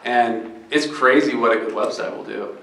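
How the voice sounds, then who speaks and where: Man, startup founder, earnest storyteller, live event talk, mid-pitched, echoey room. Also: normal speed, creaky, sharp tone. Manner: earnest and storytelling, gets choked up, many restarts. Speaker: startup founder speaking on stage. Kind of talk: live fireside chat. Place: event venue with an audience.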